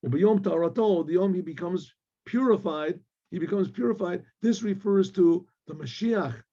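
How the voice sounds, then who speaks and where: A male rabbi teaching a Torah class, quoting Hebrew verses and explaining them in English, often clearing his throat. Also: high voice, moderate pace, warm tone, dull audio.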